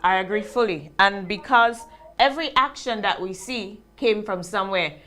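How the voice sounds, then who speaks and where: A woman co-hosting a talk show, agreeing and explaining in a steady way. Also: mid-range voice, normal speed.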